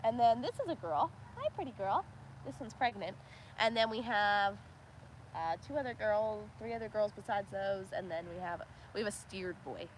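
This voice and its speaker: With her camera set on a tripod by a cow pen, a homestead livestream host chats outdoors, laughs a lot and coos at the cows. She speaks in a mid-range voice with lively intonation at a moderate pace. The recording is low quality, with slight background noise.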